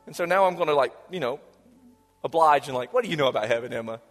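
A pastor in his forties preaching a sermon, moving between raised passages and hushed, whispered lines. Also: fairly high pitch, animated, fast. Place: church sanctuary. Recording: church hall reverb with soft music.

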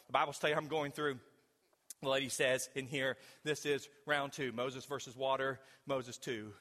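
Man, pastor, sermon, dramatic storytelling, fairly high voice, long hall echo. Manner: dramatic storytelling, swings from shouting to hushed.

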